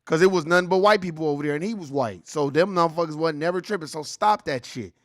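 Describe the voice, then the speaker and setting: A man's voice: on the high side, rapid-fire, a bit bright, no echo, clean studio sound. A man in his forties hosting a ranting reaction commentary, profane, heated and mocking. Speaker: host.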